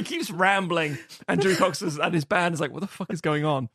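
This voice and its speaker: Podcast co-host, male, lively film-chat delivery, slightly high voice, dry close mic. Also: fairly quick, few pauses, slightly rough, no echo. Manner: animated, recounts scenes acting out quotes and laughing.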